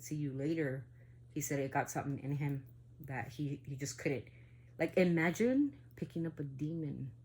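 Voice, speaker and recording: A woman casually telling a spooky family story, rambling with asides and questions to the listener, sometimes going hushed for the eerie parts. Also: deep voice, slight background noise. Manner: rambling, full of asides and "right?".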